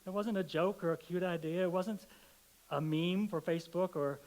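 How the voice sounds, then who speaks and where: A middle-aged male pastor with a slightly high voice gives a relaxed, conversational sermon. He tells stories with humour and acts out their voices. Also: moderate pace, poor audio. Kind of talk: sermon with storytelling.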